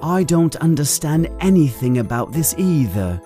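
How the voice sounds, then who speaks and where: A man's voice: a little high, sing-song, normal speed, warm tone, soft background music, pitched above the performer's own voice. A man voicing a frightened young schoolboy wizard, talking urgently and anxiously in a storybook reading. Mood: puzzled.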